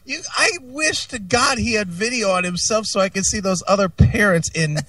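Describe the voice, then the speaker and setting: A man's voice: high-pitched, moderate pace, bright, forceful tone, no room sound, far from the mic, poor audio. A male co-host of a talk show, joking around in casual banter. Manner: laughing, joking.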